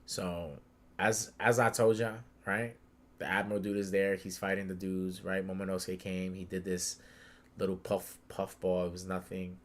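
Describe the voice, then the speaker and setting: A man's voice: sits low, normal speed. Slangy young man hyping a story. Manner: animated retelling, heavy slang and swearing. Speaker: podcast host. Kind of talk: casual chat.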